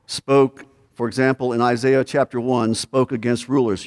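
A man's voice: medium pitch, steady tone, normal speed. A man preaching a conversational expository sermon, asking questions and pressing his points with emphasis. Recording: hall reverb.

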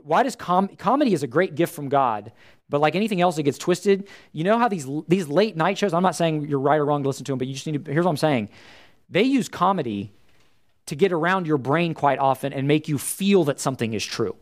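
A man's voice: on the high side, expressive, fairly quick. A man giving an earnest, conversational church teaching talk to a live group, with frequent fillers.

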